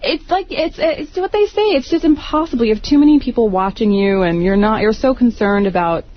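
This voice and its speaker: A woman's voice: a little high, brisk. A woman from the Bronx, an actress guest on a radio talk show, telling stories in a chatty way and laughing often. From the Bronx, New York. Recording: dull radio broadcast audio.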